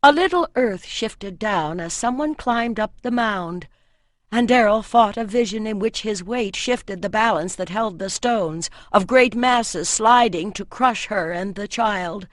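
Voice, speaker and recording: A woman narrating a fantasy audiobook in a measured, expressive reading voice. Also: mid-range voice, no room sound, clean studio sound.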